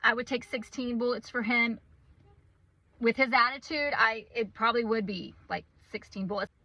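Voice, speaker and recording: A woman's voice: on the high side, normal speed, pushed and bright, no room sound, low-quality recording. A woman and parent giving a comedic, sarcastic, self-deprecating monologue about raising her son.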